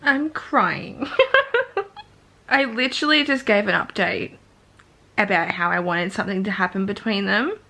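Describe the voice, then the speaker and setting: A woman's voice: medium pitch, a little fast, pushed and bright. A young woman talking casually about a book in a vlog, peppering her speech with "like" and swearing freely. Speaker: book vlogger.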